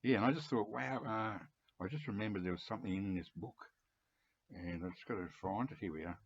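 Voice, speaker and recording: An Australian man in his seventies, rambling chattily with chuckles and throat-clearing in a lo-fi home recording. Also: lowish voice, a little fast, a little hiss or hum. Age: 70s. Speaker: music collector video host. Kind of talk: casual rambling monologue to camera.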